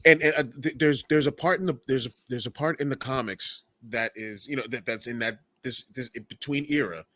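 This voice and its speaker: A man in his forties co-hosting a podcast, chatting casually and joking, acting out quotes in loud voices. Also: medium pitch, a little fast, no room sound. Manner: animated, jokey, acts out quotes in loud voices. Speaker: podcast co-host. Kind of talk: casual chat.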